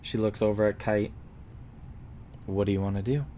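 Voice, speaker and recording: Low-voiced male game master. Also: fairly even intonation, mellow, slight background noise. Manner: playful, measured narration. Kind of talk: narrating a tabletop game.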